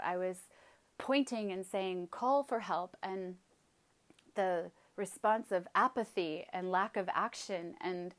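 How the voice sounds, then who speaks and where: A woman telling a personal story with emphatic, vivid retelling, acting out her own outbursts. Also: medium pitch.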